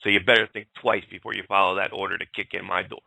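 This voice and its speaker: A man hosting talk radio rants bluntly and fired-up, swearing and addressing listeners directly as folks. His deep voice is fast and creaky, bright and forceful, with little pitch movement and no room sound.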